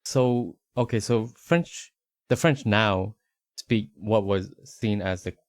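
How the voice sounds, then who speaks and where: A man's voice: fairly low pitch, slow, no echo, studio quality. A man co-hosting a casual podcast, asking curious questions and reacting eagerly. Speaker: podcast co-host. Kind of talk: casual chat, interviewing.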